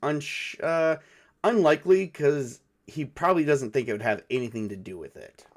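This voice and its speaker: A man's voice: on the high side, lively intonation, moderate pace. A man narrating and playing a solo tabletop game, thinking aloud with many fillers. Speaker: game master and solo player.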